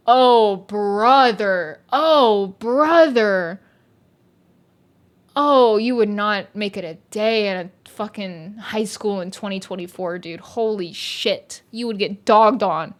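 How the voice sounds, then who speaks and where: A young woman streams into her mic with a slightly high voice. She rants about a book in casual chat, exasperated and sarcastic, with plenty of swearing. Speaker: VTuber streamer reviewing a book.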